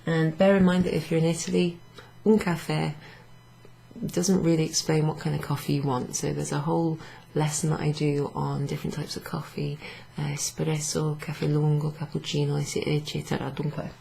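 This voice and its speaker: Tired lady teaching at a board, low voice, bit of vocal fry. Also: flat delivery, brisk, mellow, a little hiss or hum, poor audio. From Wales. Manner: explains patiently, writes on a board. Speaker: Italian language teacher. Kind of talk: casual classroom lesson.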